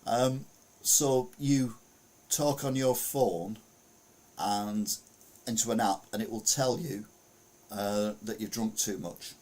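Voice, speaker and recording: A man hosts a casual news commentary podcast, reading out stories in his own rambling way. His voice sits slightly low, and he chuckles often and mutters quietly to himself while sorting out his screen. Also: steady tone, takes it slowly. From United Kingdom. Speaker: podcast host.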